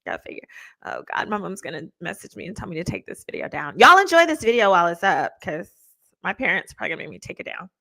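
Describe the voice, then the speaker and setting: A woman attorney hosting a show, telling stories in a casual, slangy, animated way with laughing asides. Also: fairly low pitch, quick pace, creaky. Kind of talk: casual storytelling chat.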